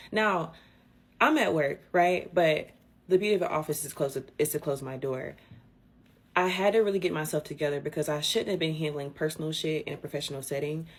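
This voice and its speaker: A woman telling a personal story in an indignant, animated rant with swearing. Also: low voice, fairly quick.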